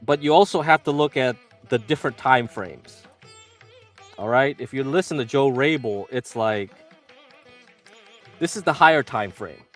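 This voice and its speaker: With a mid-range voice, a man hosts a stock market livestream, addressing viewers loosely as "you" and acting out how panicked traders feel. His casual market commentary includes the occasional swear word.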